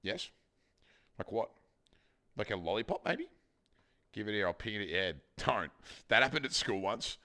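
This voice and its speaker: A man's voice: lowish voice, expressive, moderate pace, pauses often, bright, forceful tone. A young Australian man streaming in his home kitchen, chatting casually while he cooks, joking and swearing freely. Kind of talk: casual livestream chat while cooking.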